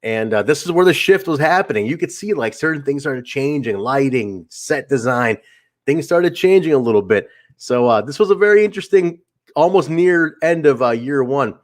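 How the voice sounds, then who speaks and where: A man's voice: medium pitch, expressive, moderate pace. A man hosting a casual solo podcast livestream, rambling with fillers and restarts and acting out other people's lines as he tells a story. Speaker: podcast host.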